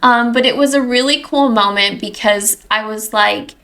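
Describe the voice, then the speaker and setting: Bright woman in her 30s telling her story on a podcast, acts out every reaction. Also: fairly high pitch, moderate pace. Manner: animated storyteller acting out quoted reactions. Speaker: podcast guest. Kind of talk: casual chat.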